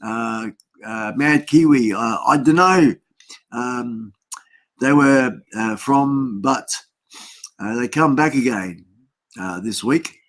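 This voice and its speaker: A man's voice: medium pitch, slow, long pauses. A middle-aged Australian man hosting a casual livestream from his home desk, rambling through greetings to viewers with many fillers. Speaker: livestream host. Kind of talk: casual live-stream chat.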